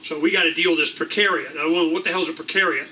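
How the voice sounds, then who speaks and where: Brief: middle-aged man, meeting host, rambling and irreverent, high bright voice, picked up from across the room. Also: fairly even intonation, rapid-fire. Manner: rambling, irreverent, swears casually. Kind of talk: animated casual talk to a room. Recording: distant mic in a room, faint noise.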